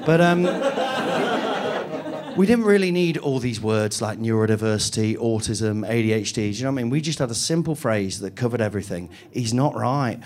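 A man's voice: on the low side, lively intonation, a little fast, darkish tone. A man from Nottingham doing a stand-up set, chatty and self-mocking, often laughing through his lines. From England (Nottingham). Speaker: stand-up comedian. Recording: live venue with audience laughter.

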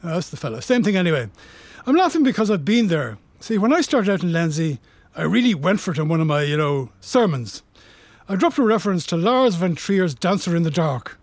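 Sitcom bishop: Scottish, chuckling gossip, lively pitch, dry close sound. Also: male voice, a little fast, dry recording. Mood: gossipy. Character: jolly gossiping male bishop, fond of a laugh.

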